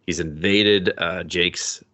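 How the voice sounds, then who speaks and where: Man, casual movie chat, low-ish pitch, bright forceful tone, animated retelling. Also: slow pace. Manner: animated retelling with voiced quotes, swearing, laughing. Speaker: podcast co-host.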